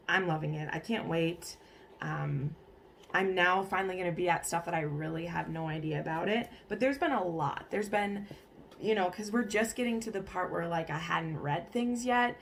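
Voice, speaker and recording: A woman's voice: lowish voice, gravelly, a little hiss or hum. A young woman vlogging about a book she is reading, chatty and gushing, with many fillers. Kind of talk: casual reading vlog.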